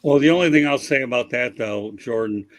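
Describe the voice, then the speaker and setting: A man hosts a casual sports talk show as a podcast host, giving his opinions at length in a rambling way and leading the panel by passing the word to them. He has a medium-pitched voice, talks a little fast, and the recording is dry.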